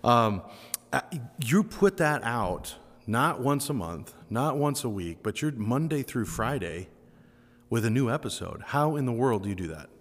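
Recorded inside a summer camp, where long reverb fills the room, this podcast host chats casually with his guest in an eager, friendly way. He speaks in a mid-range, fairly bright voice, very animated yet unhurried, with plenty of affirming interjections.

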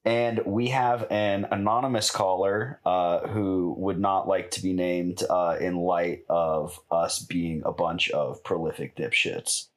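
A man with a lowish voice hosts a podcast in loose, casual chat. He sounds laid-back and breaks into laughter easily. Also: little pitch movement, slow, few pauses. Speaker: podcast host.

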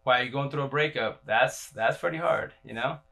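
A man's voice: medium pitch, a little fast, gravelly, pushed and bright. A man in a casual livestream talk, rambling and profane, full of slang, often repeating himself and restarting his sentences.

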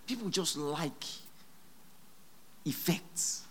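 A pastor preaching a sermon in church, emphatic and repeating key phrases, with sudden loud exclamations. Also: medium pitch, animated, extremely slow, a little hiss or hum.

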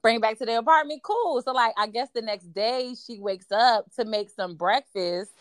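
A woman's voice: on the high side, normal speed, no room sound. A woman telling a story in casual chat, acting out quoted dialogue with lots of fillers. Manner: animated, acts out quoted dialogue, frequent fillers.

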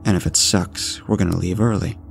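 A man voicing a confident, easygoing teenage boyfriend in a spoken horror story, in a relaxed, reassuring manner. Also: deep voice, a little fast, vocal fry, soft background music. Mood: laid-back.

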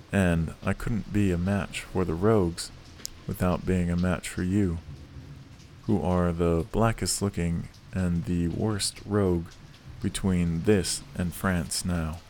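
Man playing a shrill scolding woman, domineering, furious temper, storybook reading. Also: steady tone, takes it slowly, dark tone, slight background noise.

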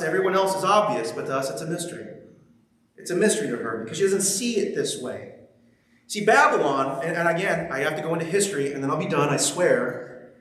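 In a very echoey large hall, a preacher reads from scripture, then turns to the congregation for a relaxed, humorous conversation, often checking in with them. His voice runs on the high side and sounds a bit bright.

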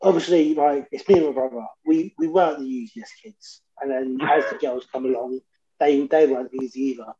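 A man's voice: medium pitch, a little fast, warm tone, muffled recording. A man chatting and teasing in a casual podcast. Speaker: podcast co-host. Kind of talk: casual chat.

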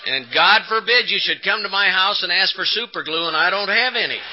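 A man giving a personal recovery testimony at a conference, telling his story with rising emphasis and dramatic pauses. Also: high-pitched, expressive, noisy background. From Texas. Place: conference hall. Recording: dull lo-fi 1980s tape.

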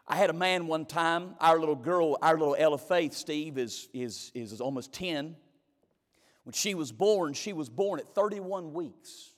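Pastor, high-voiced, emphatic storyteller, long hall reverb. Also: male voice, lively intonation, normal speed. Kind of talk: sermon.

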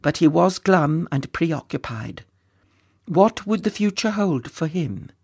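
Storybook reader, gravelly voice, playful chatty asides to the kids, mid pitch. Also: animated, slow, darkish tone. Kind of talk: storybook narration.

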